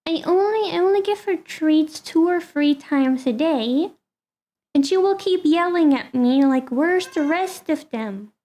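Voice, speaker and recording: A woman with a high voice chats casually with her stream viewers. She is talkative and relaxed, and she turns to talk fondly to her cat. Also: a little slow.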